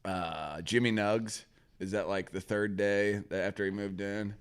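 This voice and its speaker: A man's voice: fairly low pitch, fairly even intonation, a little slow, clear, resonant tone. A man in casual podcast chat, telling a rambling, profane story and laughing often as he goes. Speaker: podcast co-host.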